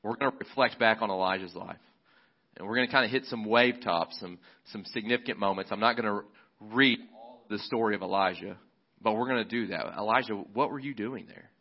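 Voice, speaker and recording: A man preaching a sermon as a pastor, relaxed and conversational, often restarting his phrases. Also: on the low side, a little fast, muffled recording.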